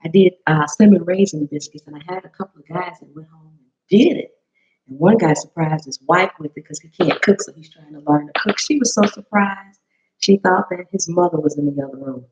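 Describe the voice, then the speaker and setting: Lady chef doing a live cooking stream, chatty, bit hoarse, kinda dull lo-fi sound. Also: brisk. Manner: chatty, greets viewers by name, bursts into high excited greetings. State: slightly hoarse. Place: home kitchen.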